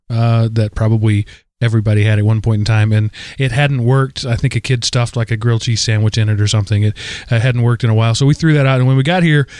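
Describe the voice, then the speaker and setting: A man in his forties, co-hosting a podcast, telling a rambling, animated story full of fillers. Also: mid-range voice, smooth, no echo, clean studio sound. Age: 40s. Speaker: podcast co-host. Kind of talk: casual chat.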